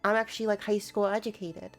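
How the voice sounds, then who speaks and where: Young woman reacting to clips, sarcastic and jokey, laughs a lot, soft music behind. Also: medium pitch, fairly even intonation, a little fast. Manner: teasing, sarcastic, laughs often. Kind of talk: casual reaction commentary.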